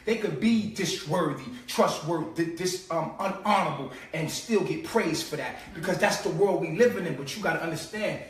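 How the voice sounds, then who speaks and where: High-voiced, profane man in an echoey room. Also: normal speed, few pauses. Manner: streetwise, profane, mocking, swings between low mutters and loud outbursts. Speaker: host. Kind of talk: casual live-stream monologue. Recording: echoey room, far from the mic.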